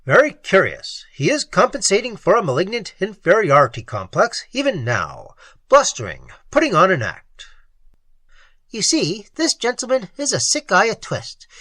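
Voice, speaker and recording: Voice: medium pitch, huge pitch swings, fairly bright tone, dry recording, voice pushed up, heavily acted. A cool, analytical psychiatrist who picks his words with clinical care, as a storyteller puts him on. His delivery rises and falls widely and sounds dry and close. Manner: measured and clinical.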